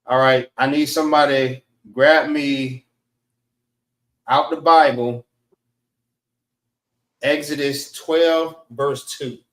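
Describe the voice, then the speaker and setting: A man's voice: medium pitch, takes it slowly, pauses often. Man teaching a class in an echoey room. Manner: relaxed, repeats "all right" often.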